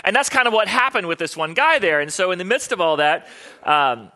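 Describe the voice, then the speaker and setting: Fast, bright-voiced male pastor. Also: sits high, expressive. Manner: chatty, storytelling, quotes people in voices. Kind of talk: sermon with personal stories.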